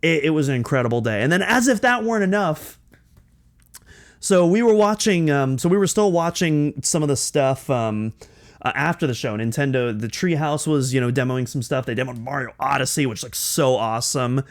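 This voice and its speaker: Young male podcast host, excitable storyteller, stumbles and restarts, mid pitch. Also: normal speed. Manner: excitable, many restarts and fillers. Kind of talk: personal storytelling.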